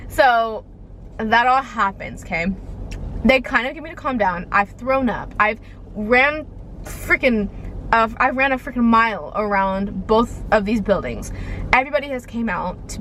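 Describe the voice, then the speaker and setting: A woman's voice: mid-range voice, fairly bright tone, low-quality recording. A young woman tells a personal story in a loose, rambling way. She piles up "like" and keeps checking in with "okay?". Faint noise hums behind her. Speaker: vlogger telling a story. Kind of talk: casual storytime monologue.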